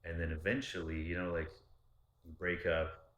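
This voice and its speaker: A man's voice: sits low, little pitch movement, normal speed, a bit bright. A man casually telling a personal story in a candid, rambling, profane way. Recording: roomy echo.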